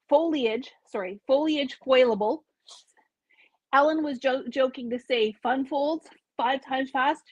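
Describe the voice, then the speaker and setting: A woman hosts a live craft store video, walking through products in a chatty, explanatory way and pausing to correct herself. Her voice sits a little high, and the sound is dry and close. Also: dry recording. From Canada.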